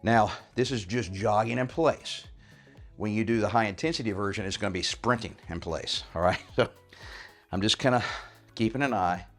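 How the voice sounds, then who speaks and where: A man's voice: on the low side, normal speed, soft background music. Casual fitness coach, man over fifty. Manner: casual, keeps saying "all right?". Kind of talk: home workout instruction.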